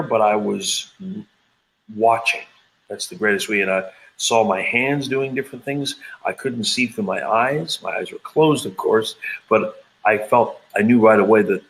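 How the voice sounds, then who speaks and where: A man's voice: on the low side, unhurried, fairly bright tone, low-quality recording. A man in his fifties, a channeler being interviewed, telling his story in a rambling way with many hesitations and quoted dialogue. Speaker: intuitive channeler, interview guest.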